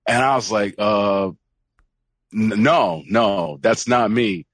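A man's voice: on the low side, slow pace, no echo. A man co-hosting a podcast, chatting casually and telling a story with lots of acted-out quotes. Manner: animated storytelling, acts out quoted voices. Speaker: podcast co-host. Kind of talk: casual chat.

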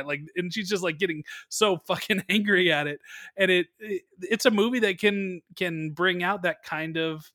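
A man co-hosting a podcast, talking films casually, rambling and animated, swearing freely. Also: fairly high pitch, moderate pace, dry recording, clean studio sound. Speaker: podcast co-host. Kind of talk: casual film discussion.

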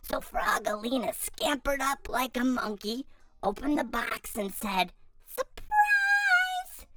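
Slow, hushed woman reading a kids' picture book, bright tone. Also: a little high. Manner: half-whispered, hushed reading. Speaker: storyteller.

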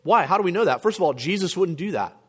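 A male pastor preaching a sermon, emphatic, with rhetorical questions and frequent throat clearing. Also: high voice, expressive, fast talker.

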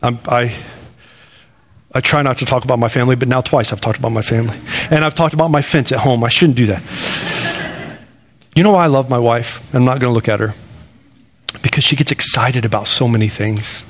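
A man in his thirties preaching a sermon in a conversational way, repeating phrases and swinging from loud bursts to low, quiet lines. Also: brisk, long pauses. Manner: animated, rising to loud bursts then dropping low and quiet. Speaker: pastor.

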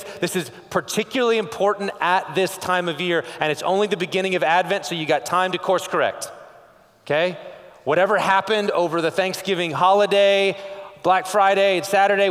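A pastor from West Texas preaching a sermon in a conversational way, firing off rhetorical questions and checking in with "okay?". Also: male voice, high-pitched, a bit bright, long reverb tail.

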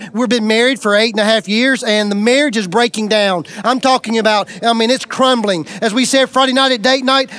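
High-voiced man preaching a testimony. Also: a bit bright. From Alabama, US. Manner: storytelling, emphatic and confessional. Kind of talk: sermon testimony.

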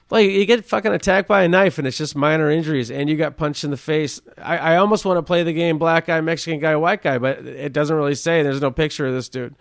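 A man's voice: fairly high pitch, fast talker, gravelly, hardly any pauses, no room sound, clean studio sound. A man hosting his own comedy podcast, rambling and swearing freely as he riffs on news stories and his week. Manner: crude, rambling, swears often, laughs at himself. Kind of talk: casual solo podcast commentary.

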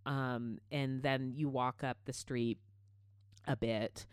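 Middle-aged woman w a low voice, chatty storyteller, lots of likes and ums, swears a bunch, dry close sound. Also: takes it slowly, smooth, no echo. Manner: animated storyteller, swears freely, many fillers. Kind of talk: casual chat.

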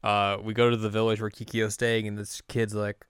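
Laid-back man with a smooth voice. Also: on the low side, monotone, moderate pace, hardly any pauses, fairly bright tone, dry recording, studio quality. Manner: loose, rambling, laid-back. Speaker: podcast co-host. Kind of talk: casual chat recapping an anime.

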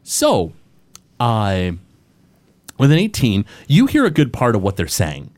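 A man's voice: medium pitch, measured pace, no echo. A man narrating as game master of a tabletop role-playing game, loose and chatty with many fillers. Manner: relaxed, filler-heavy narration.

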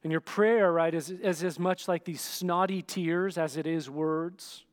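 A man's voice: a little high, fairly even intonation, a little slow. A male pastor giving a conversational sermon, often checking in with the listeners and acting out scenes. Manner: dramatic, acts out scenes.

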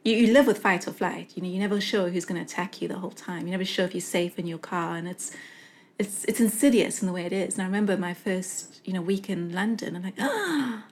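A woman's voice: mid-range voice, a little mellow. A young woman from South Africa speaking earnestly in a conversational interview, reflective and full of fillers and restarts. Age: young adult. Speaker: guest.

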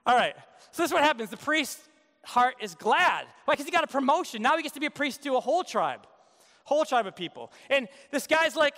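A man's voice: very high voice, lively intonation, quick pace, pushed and bright, long reverb tail. A male pastor preaching a sermon in a casual, joking way, acting out the quotes in his story. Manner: conversational, joking, acts out quotes.

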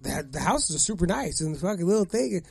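A man's voice: high voice, big pitch swings, quick pace, vocal fry, a little mellow, husky, faint music behind. A young man from the Los Angeles area telling a profane story in casual chat, acting out voices. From Gardena, Los Angeles area.

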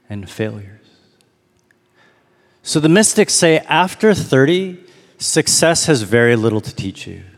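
A man preaching a sermon as pastor, reflective, slowing down to read and linger on lines. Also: on the low side, in a large hall.

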